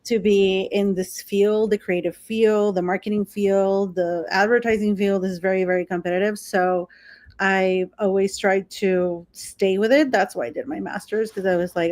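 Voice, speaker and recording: A woman's voice: mid-range voice, steady tone, a little mellow, no room sound, studio quality. A woman guest talking casually and emotionally about her work as a branding expert. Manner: effusive, emotional, quick asides. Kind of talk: casual interview chat.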